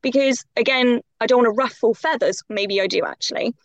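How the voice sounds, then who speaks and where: A woman's voice: on the high side, fairly quick, no echo, highs cut off. A woman guest on a podcast, talking in an impassioned, emphatic way. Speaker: guest coach. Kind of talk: podcast conversation.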